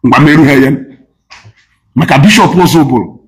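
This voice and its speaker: Man, Nigerian Igbo accent, high voice, preachy and scolding, emphatic repetition. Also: brisk, rough recording. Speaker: speaker addressing diaspora. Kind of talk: impassioned lecture mixing Igbo and English.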